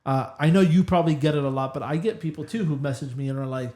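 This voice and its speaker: Male podcast guest, slightly high voice, earnest and slangy, echoey room. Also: quick pace, mellow. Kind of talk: casual podcast chat.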